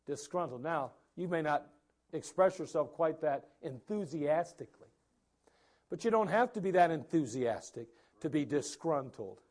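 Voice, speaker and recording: A man preaching a sermon as pastor, animated and acting out the people's words. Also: fairly high pitch, measured pace.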